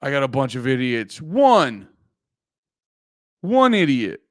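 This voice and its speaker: A man's voice: mid-range voice, big pitch swings, slow pace, pauses often, no room sound, studio quality. A man streaming live, chatting casually and brashly teasing his viewers, swearing often. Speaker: livestreamer. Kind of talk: casual livestream chat. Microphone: close desk mic.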